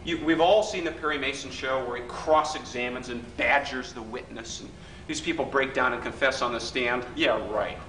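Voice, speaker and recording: A man teaches a workshop in a bright, forceful voice, chatting with his audience and asking them to agree. He is picked up from across an echoey hotel function room, with a faint hiss underneath. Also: mid-range voice, steady tone, normal speed, distant mic. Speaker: workshop leader. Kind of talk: live workshop lecture.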